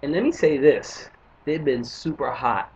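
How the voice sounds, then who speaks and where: Animated stand-up comic from Panama. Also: male voice, fairly high pitch, a little slow. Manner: animated, acts out other people's lines. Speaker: stand-up comedian. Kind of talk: stand-up storytelling. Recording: muffled lo-fi recording.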